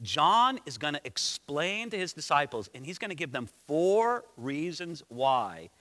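A pastor delivers a lively, conversational sermon in a strikingly high, bright voice. His pitch swings widely as he tells the story. The sound carries a long reverb from the church sanctuary. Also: normal speed. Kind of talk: expository sermon.

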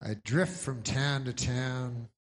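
Rambling deadpan male stand-up comic. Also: mid-range voice, takes it slowly. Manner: rambling, deadpan, meandering asides. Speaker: stand-up comedian. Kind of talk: stand-up comedy set.

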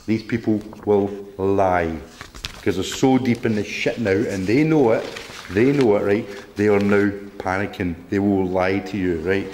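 A man's voice: fairly low pitch, unhurried, darkish tone, roomy sound, a little hiss or hum. A man giving an emphatic, indignant public talk to an audience, rambling with restarts and the odd swear word. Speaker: speaker at a public meeting.

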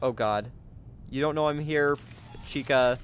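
Jumpy excitable man playing a game. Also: mid-range voice, unhurried, slight background noise. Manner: jumpy and excitable, gasping and yelping at scares. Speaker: gaming YouTuber. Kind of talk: let's play commentary.

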